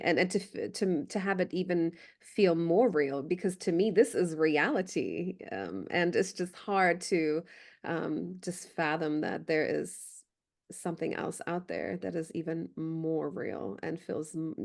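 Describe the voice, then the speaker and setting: A woman hosting a conversational interview, asking gentle, thoughtful questions. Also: low voice, expressive, measured pace, gravelly. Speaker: interview host.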